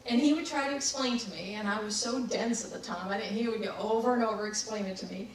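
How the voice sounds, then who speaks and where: A woman's voice: a little high, fast. A woman giving a candid, reflective talk on personal growth, laughing at herself as she tells her own story. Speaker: spiritual speaker. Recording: very echoey room, distant mic, faint noise.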